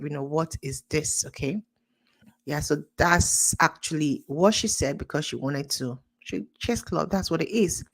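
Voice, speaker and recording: A young Nigerian woman hosting a casual commentary, her voice sitting on the low side. She talks with indignant exclamations and small laughs as she weighs in on online behavior. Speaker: commentary channel host.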